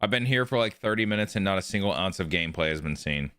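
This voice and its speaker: Lively, bright-voiced male game streamer. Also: deep voice, quick pace, smooth, dry recording, studio quality. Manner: joking banter with chat, running bits. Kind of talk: casual livestream chat.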